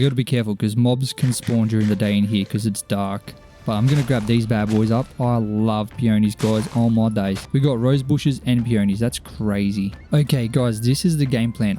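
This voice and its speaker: Faint background music sits under this young man's medium-pitched commentary as he plays survival Minecraft for his YouTube channel. Animated and chatty, he addresses viewers directly, gasps at the action, and begs the mobs for mercy.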